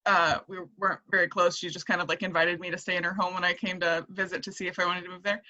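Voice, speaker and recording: A woman's voice: on the low side, little pitch movement, fast talker, sharp tone. A woman guest on a podcast chatting casually, with many fillers and "like"s. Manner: chatty with fillers and laughs, lots of "like". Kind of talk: casual chat. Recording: dull lo-fi sound.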